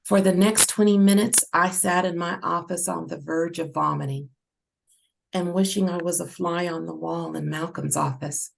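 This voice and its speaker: Woman reading her own story, gravelly voice, steady. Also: lowish voice, normal speed, slight background noise, low-quality recording. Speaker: narrator. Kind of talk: first-person storybook narration.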